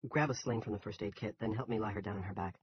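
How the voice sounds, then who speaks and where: A man voicing a calm, polite male ex-army medic in an audiobook. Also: lowish voice, highs cut off, slight background noise, natural voice. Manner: calm, measured.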